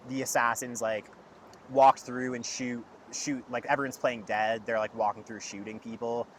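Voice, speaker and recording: A young man tells a long story in loose, casual chat, packing his sentences with "like". His voice sits at an ordinary middle pitch. Faint traffic noise hums behind him. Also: little pitch movement, moderate pace, a bit bright. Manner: rambling storyteller, heavy use of "like". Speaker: podcast guest.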